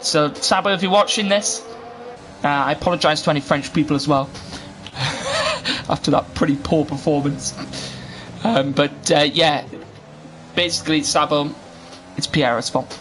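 A man's voice: on the high side, normal speed, long pauses, a bit bright, a little hiss or hum. Rambling race commentator, man. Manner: rambling, self-interrupting, chatty. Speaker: sim racing commentator. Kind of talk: live esports race commentary.

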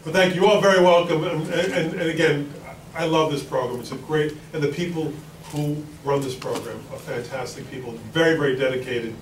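A man's voice: fairly high pitch, fairly quick, hardly any pauses, slight background noise. Man, Queens New York accent, rambling folksy speech, echoey hall, heard from far off. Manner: rambling, folksy, with many fillers and restarts. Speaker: congressman speaking at a forum. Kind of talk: informal speech to an audience. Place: large event hall with an audience.

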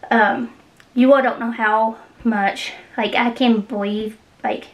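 A woman's voice: on the high side, fairly even intonation, moderate pace, low-quality recording. A woman vlogging as she cleans her home entryway, out of breath, talking to viewers in a chatty, rambling way. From Kentucky. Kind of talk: casual cleaning vlog talk.

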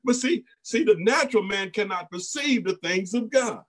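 High-voiced pastor preaching. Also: male voice, brisk, hardly any pauses, rough recording. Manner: preaching in a folksy Black church style, with repeats and exclamations; acts out voices in quoted lines. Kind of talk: sermon.

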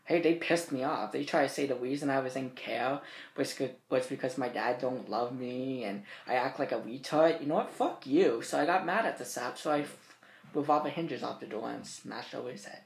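An eighteen-year-old man vlogging from his bedroom, telling stories in a rambling, profane, animated way. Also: medium pitch, moderate pace, creaky. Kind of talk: casual storytelling to camera. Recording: roomy bedroom echo.

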